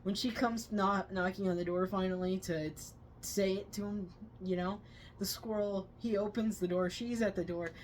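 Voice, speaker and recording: A woman co-hosting a movie review channel, retelling scenes with loud excited quotes. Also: medium pitch, moderate pace, a little hiss or hum. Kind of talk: casual movie review chat.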